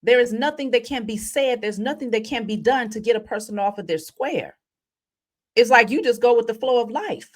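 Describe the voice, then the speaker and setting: A woman hosting a casual spiritual vlog, telling stories in an animated, chatty way. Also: on the high side, normal speed. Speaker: spiritual reader.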